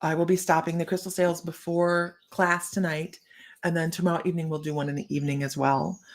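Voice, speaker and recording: A woman's voice: fairly low pitch, little pitch movement, fairly quick. A woman hosting a psychic live stream, telling stories in a bubbly, rambling way and laughing often. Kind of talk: casual live-stream chat.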